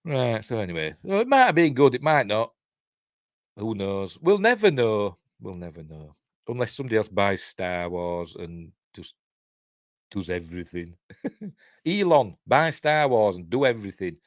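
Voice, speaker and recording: A man's voice: fairly low pitch, big pitch swings, normal speed, no room sound, studio quality. A middle-aged man with a Yorkshire accent, hosting a live news stream in rambling, self-correcting casual commentary. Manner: rambling, self-correcting, chuckles at his own jokes.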